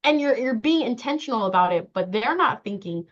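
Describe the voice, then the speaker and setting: A woman leading a workshop training session, talking in a lively way, acting out quoted dialogue and laughing often. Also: a little high, brisk. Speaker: trauma-informed care trainer. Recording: dull lo-fi sound.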